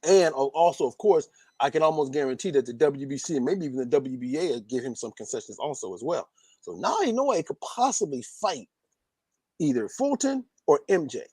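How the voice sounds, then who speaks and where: A man co-hosting a boxing podcast, talking through matchups in a measured, analytical way. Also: a little high, expressive, mellow, husky, no room sound.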